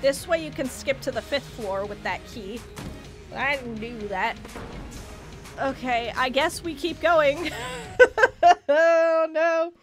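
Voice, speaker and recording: A woman's voice: high-pitched, takes it slowly, long pauses. A woman streaming a game, giving dramatic, self-mocking commentary and yelping when panicked. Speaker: gaming streamer. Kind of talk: casual let's-play commentary. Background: game music.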